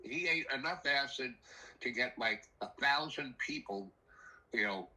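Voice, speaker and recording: Older guy telling a wild story, super bright voice, rambles and does the voices. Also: mid-range voice, a little slow, rough recording. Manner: rambling, animated, acts out quoted voices. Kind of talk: casual spoken anecdote.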